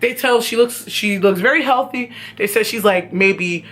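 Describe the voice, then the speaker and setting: A woman vlogger telling a casual storytime, animated and profane, often laughing. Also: medium pitch, moderate pace.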